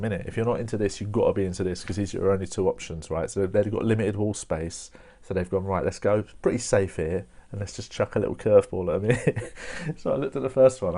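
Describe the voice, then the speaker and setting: A man's voice: deep voice, mellow. A young man. He keeps it chatty, laughing at his own lines and tossing in "mate" and "innit". He performs at home to a camera, with no audience to answer him. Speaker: stand-up comedian. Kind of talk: stand-up storytelling without an audience.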